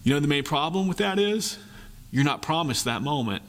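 A man preaching a sermon as a pastor, earnest, repeating phrases and shifting between quick and slow delivery. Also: fairly high pitch, animated, fairly bright tone, in a large hall.

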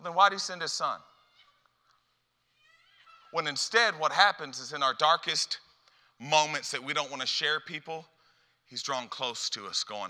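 Bright-voiced man preaching in a hall. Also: a little high, measured pace, long pauses. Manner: animated and rhetorical, repeating words when excited. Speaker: youth preacher. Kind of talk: sermon.

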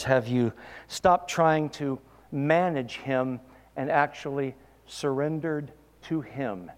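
A man's voice: mid-range voice, long reverb tail. A man preaching a sermon, asking his listeners pointed questions and building to emphatic peaks. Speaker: pastor.

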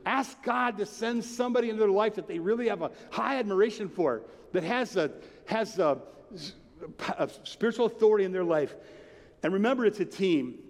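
A man preaching a sermon with earnest, animated delivery and many rhetorical questions. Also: high voice, brisk, gravelly. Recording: long hall reverb.

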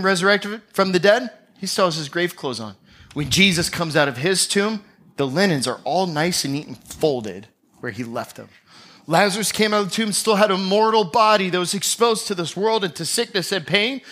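A man's voice: fairly high pitch, fairly bright tone. A man preaching a sermon, telling a Bible story with drama and acting out the scenes. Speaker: pastor.

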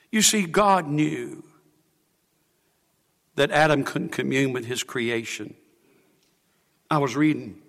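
High-voiced preacher in a reverberant hall. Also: male voice, takes it slowly, vocal fry, pauses often. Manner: swings from hushed to shouting, emotional. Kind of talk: sermon.

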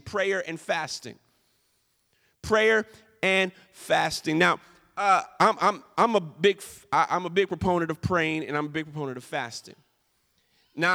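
A man's voice: a little high, fairly bright tone. A man preaching a sermon as a pastor in a church, emphatic and driving his points home with repeated phrases. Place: church sanctuary. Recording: echoey church hall reverb.

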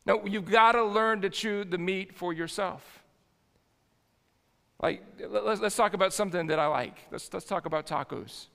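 A man's voice: sits high, moderate pace, creaky, pushed and bright. A man preaching a sermon as pastor in a church sanctuary, folksy and jokey, often restarting his sentences. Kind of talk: conversational sermon. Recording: long hall reverb.

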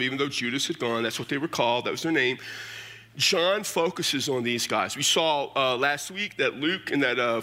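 A middle-aged man preaching a sermon as pastor, telling stories with casual asides. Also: medium pitch. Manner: animated storytelling with casual asides.

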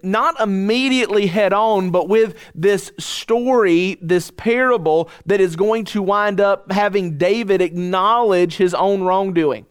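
An earnest male pastor preaching a sermon and reading scripture aloud. His voice sits high and sounds smooth and resonant. He leans into key lines with deliberate pauses.

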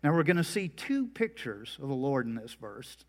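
A man's voice: mid-range voice, very animated, normal speed, darkish tone. A middle-aged man preaching a sermon, telling folksy stories and jokes. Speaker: pastor. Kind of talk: humorous sermon.

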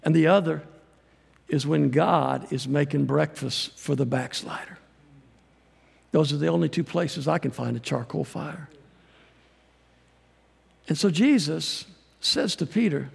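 Animated preacher with a gravelly voice. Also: male voice, high-pitched, normal speed, long reverb tail. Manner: folksy, animated preaching with acted quotes. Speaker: pastor and missionary. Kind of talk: sermon.

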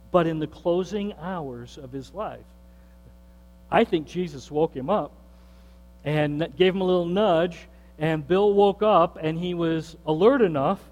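A man, a pastor, telling a story in a sermon with a conversational manner that turns animated when he quotes others. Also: on the high side. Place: church sanctuary. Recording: long hall reverb with mains hum.

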